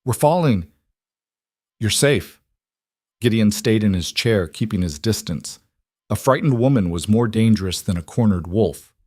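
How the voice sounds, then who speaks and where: A man with a low voice narrates a dramatic western tale, measured and brooding. The sound is dry and close, with no room echo. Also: mellow.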